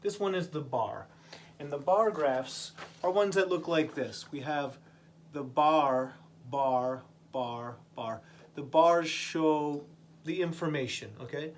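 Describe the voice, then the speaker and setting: A man teaching a vocabulary lesson to English learners, speaking slowly and patiently and repeating each word. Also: fairly high pitch, slight background noise.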